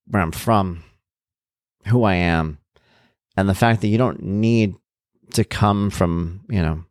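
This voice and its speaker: A man's voice: deep voice, vocal fry, no room sound, clean studio sound. A middle-aged man earnestly telling his own life story as a parent, candid and reflective. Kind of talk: personal storytelling.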